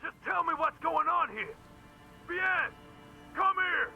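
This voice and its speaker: A man voicing an agitated jealous husband on the phone, shrill and indignant. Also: lively intonation, slow, vocal fry, sharp tone, no echo, faint music behind, exaggerated voice, low-quality recording.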